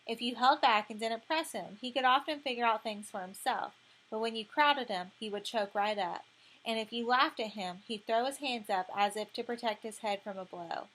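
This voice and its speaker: A woman narrating an audiobook in a measured, expressive storytelling way. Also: a little high, rough recording.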